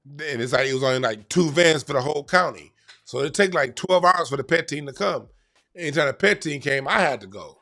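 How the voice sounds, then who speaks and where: A man telling a story in a casual, profane, animated way about crisis work. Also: on the high side.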